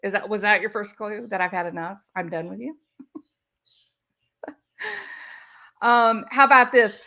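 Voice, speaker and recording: A woman's voice: mid-range voice, a little slow, long pauses, bright, forceful tone. A woman YouTube commentator talking in a casual, sarcastic way and laughing often.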